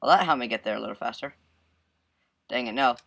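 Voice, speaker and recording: Excitable male let's-play commentator with a bright, sharp tone; yelps, laughs and hums while he plays. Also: medium pitch, fast talker, creaky. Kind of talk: casual gameplay commentary.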